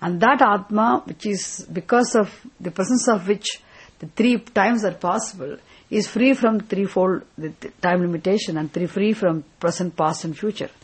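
Husky woman teaching. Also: medium pitch, normal speed, low-quality recording. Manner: questioning, repeats points, asks "isn't it?". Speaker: spiritual teacher. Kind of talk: Vedanta scripture class.

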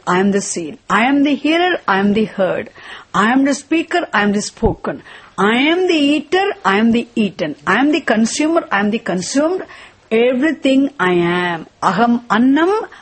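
A woman teaching scripture in a slow, repetitive lecture, asking rhetorical questions and chanting verses. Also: fairly high pitch, big pitch swings, husky.

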